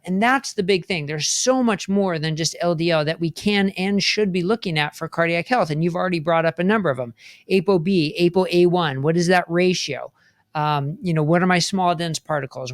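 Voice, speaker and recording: A man's voice: high-pitched, dry recording, studio quality. A man who is a cardiologist, speaking as a guest on a podcast and explaining earnestly. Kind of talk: interview explanation.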